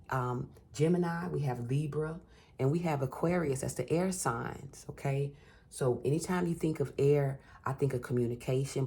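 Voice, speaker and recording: Very deep husky woman reading tarot. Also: warm tone. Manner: encouraging, repeats phrases for emphasis, calls listener baby and honey. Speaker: tarot reader.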